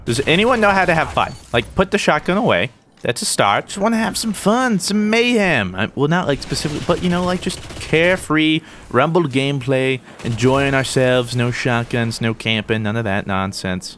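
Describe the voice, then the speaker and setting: Excitable young man with a lively pitch. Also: a little fast, slight background noise. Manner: excitable, jokey, shouts at opponents. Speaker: gaming YouTuber. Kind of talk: live gameplay commentary.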